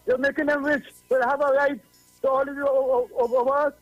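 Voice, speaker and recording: Trinidadian man caller, very high voice, preachy and repetitive, dull lo-fi line. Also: flat delivery, a little fast, no room sound, faint music behind. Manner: preachy, repeats himself for emphasis. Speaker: radio caller. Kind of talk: call-in radio talk.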